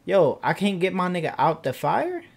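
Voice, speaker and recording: A young man talks through a game in easy, slangy let's-play commentary. His voice is lively and bounces around a lot, and he often breaks into loud, excited shouting. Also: high-pitched, normal speed, gravelly. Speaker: gaming channel host.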